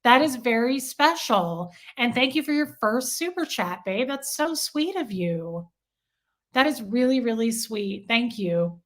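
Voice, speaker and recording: A woman's voice: a little high, animated, a little slow, a bit bright. Chatty woman hosting a livestream. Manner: gushing, chatty, reads viewer comments aloud. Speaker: livestream host. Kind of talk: casual livestream chat.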